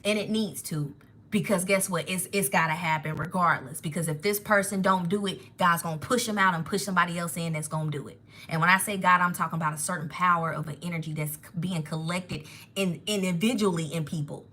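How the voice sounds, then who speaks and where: A woman leads a live spiritual tarot reading with a bright, forceful voice. She talks in an animated, rambling way and gets emotional, often stopping to follow a new thought. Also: fairly low pitch, fairly quick. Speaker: tarot reader.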